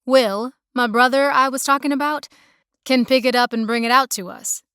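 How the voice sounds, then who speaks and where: A woman's voice: high voice, moderate pace, bright, forceful tone, clear, resonant tone, dry recording, studio quality. A woman voicing a friendly young small-town male mechanic with a slight country drawl, easygoing and folksy.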